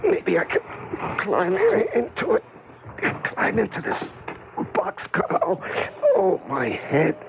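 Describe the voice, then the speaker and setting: A stammering, bewildered drunk hobo. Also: male voice, high voice, wildly swooping pitch, slow pace, gravelly, noisy background, full character voice. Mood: confused. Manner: stammering, confused, repeats words. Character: bewildered drunk hobo man, meek and rambling. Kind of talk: 1970s radio drama acting. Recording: phone-like old radio recording with music.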